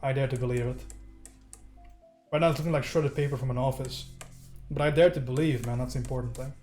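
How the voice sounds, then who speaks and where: A man's voice: medium pitch, fairly even intonation, quick pace, darkish tone, faint music behind. A man streaming a casual digital painting lesson, joking with his viewers as he works. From United States. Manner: casual, joking, talks to chat while painting. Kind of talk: live-stream painting tutorial, chatting with viewers.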